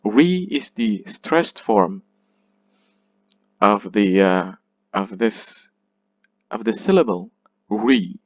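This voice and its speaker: A man lecturing on poetry, speaking deliberately, repeating and restarting his phrases as he explains. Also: fairly low pitch, very animated, no echo. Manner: slow, repeats words, restarts. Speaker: literature lecturer. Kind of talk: classroom lecture. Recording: muffled dry recording.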